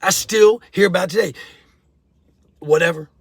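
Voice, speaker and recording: Speaking at normal speed, a man with a high voice, vocal fry, and a breathy edge hosts a casual prison-life commentary vlog, recorded with studio quality and no room sound. He's blunt, streetwise, and preachy, lecturing the viewer directly and calling them bro and homie.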